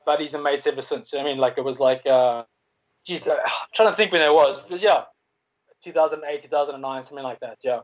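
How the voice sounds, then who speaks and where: A man's voice: mid-range voice, quick pace, muffled recording, crowd noise. A South African man, a comedian guest, chatting casually and rambling with many restarts and the odd swear word. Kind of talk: casual chat.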